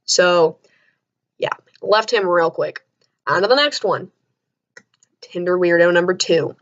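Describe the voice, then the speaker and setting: A young adult woman telling stories to camera in a casual, animated way, jumping up to high shrieks of disbelief. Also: slow. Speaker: vlogger. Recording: dull lo-fi sound.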